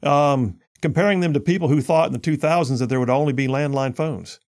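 A man's voice: fairly high pitch, fairly quick, darkish tone. A man hosting a talk radio show, reading news stories and mocking them in a sarcastic, combative way. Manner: sarcastic, combative, reads news then mocks it.

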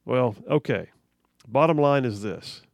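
A man's voice: medium pitch, animated, a little slow, vocal fry, no echo. A man hosting a talk radio show, arguing emphatically with rhetorical questions and frequent restarts into a studio microphone. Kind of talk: opinionated talk radio monologue.

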